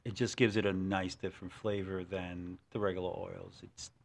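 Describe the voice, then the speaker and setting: Low-voiced man telling animated stories. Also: normal speed, gravelly. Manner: animated storyteller, many restarts. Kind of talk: casual chat.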